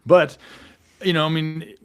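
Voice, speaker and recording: Podcast guy, kinda high voice, rambles a lot and keeps restarting. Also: little pitch movement, unhurried, clear, resonant tone. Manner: rambling, hesitant, many restarts and fillers. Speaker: podcast co-host. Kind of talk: casual political podcast chat.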